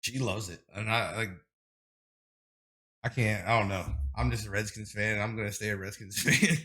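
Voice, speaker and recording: A man in his thirties chats casually as a podcast guest. He rambles through animated stories, restarting sentences and piling on fillers. His voice sits a little low but sounds bright and forceful. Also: normal speed. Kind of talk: casual interview chat.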